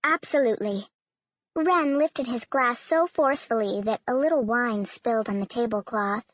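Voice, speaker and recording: Higher woman reading an audiobook. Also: moderate pace, no echo. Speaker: audiobook narrator. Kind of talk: scripted narration.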